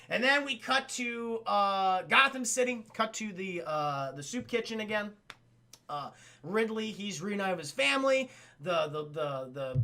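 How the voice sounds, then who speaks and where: A young man casually recapping a cartoon episode for his live chat, excitable and swearing, acting out the characters. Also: high voice, creaky. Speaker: streamer reviewing a cartoon episode.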